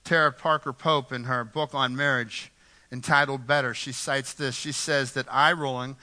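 A man's voice: medium pitch, fairly even intonation, normal speed, pushed and bright. A man from Pittsburgh preaching a sermon as pastor, talking conversationally, repeating words and asking the congregation questions.

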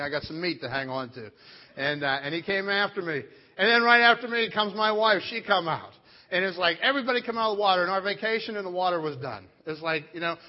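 An animated male preacher, fairly high-voiced, telling personal stories in a sermon. His voice rings through a large hall with a long reverb. The recording is dull and lo-fi. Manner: animated storyteller, acts out family members. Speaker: pastor.

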